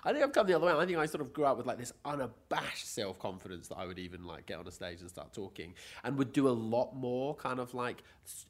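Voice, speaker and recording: A man's voice: mid-range voice, very animated, quick pace, hardly any pauses. A man, a stage performer, chatting casually and rambling a little with frequent asides. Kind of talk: casual chat.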